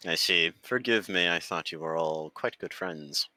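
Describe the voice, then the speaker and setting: A man's voice: low voice, measured pace, sharp tone, dry recording, full character voice. A man voicing a courteous, curious male scholar who speaks in formal phrases.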